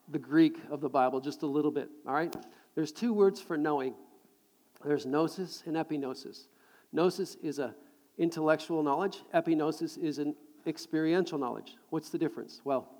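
A middle-aged man preaching a sermon to a live congregation, animated and jokey, repeating words as he builds a point. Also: fairly high pitch. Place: large hall with audience. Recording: long hall reverb.

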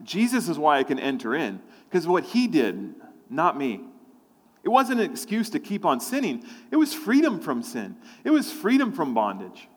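A man's voice: on the high side, wildly swooping pitch, normal speed. Preacher man with a ringing echo. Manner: storytelling, acts out his own inner voices. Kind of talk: sermon.

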